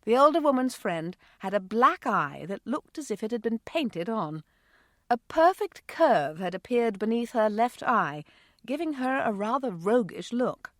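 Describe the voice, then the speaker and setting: Expressive woman audiobook narrator. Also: on the high side, unhurried, no room sound, studio quality. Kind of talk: scripted narration.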